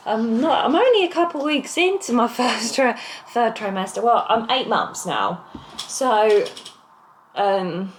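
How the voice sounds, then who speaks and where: A woman's voice: on the low side, reverberant, a little hiss or hum, rough recording. A young woman, pregnant and out of breath, talking candidly and rambling to her camera while seated at home. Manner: candid, rambling, self-interrupting. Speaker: vlogger. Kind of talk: casual confessional vlog. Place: home, seated on a squeaky chair. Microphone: camera mic.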